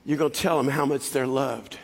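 A man voicing God, speaking low, quietly and gently. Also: fairly even intonation, brisk, gravelly, husky. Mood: tender. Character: God speaking, calm and tender male voice. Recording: long hall reverb.

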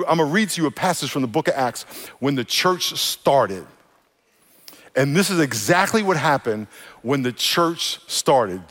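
A man with a fairly high voice preaches a lively sermon, joking and calling on the congregation to repeat after him. His voice rings with the long reverb of a church hall. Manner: energetic, joking, leads congregation call-and-response. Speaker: pastor. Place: church auditorium.

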